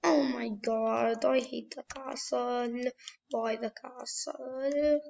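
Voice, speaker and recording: A young woman giving casual commentary while playing a shooter game, muttering to herself and bursting into yells and trash talk. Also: on the high side, takes it slowly, vocal fry, lo-fi sound, slight background noise. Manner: animated, trash-talking, bursts of yelling. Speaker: gamer.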